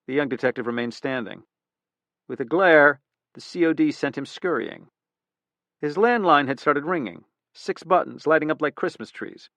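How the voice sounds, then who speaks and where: A man's voice: mid-range voice, expressive, normal speed, a bit bright, no echo, lo-fi sound. Man narrating a thriller, dry close voice. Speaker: audiobook narrator. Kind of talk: scripted narration.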